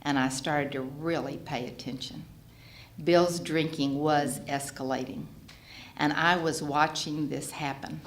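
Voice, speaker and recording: An older woman telling her personal recovery story in an animated way, laughing often as she speaks. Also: sits low. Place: meeting hall. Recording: echoey hall, faint ambience.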